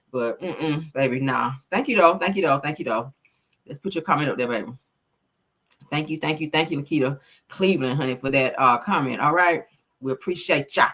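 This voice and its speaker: A woman's voice: extremely low pitch, fairly bright tone. A woman hosting a casual live-stream gossip chat, sassy and profane, reading out viewer comments. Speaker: host.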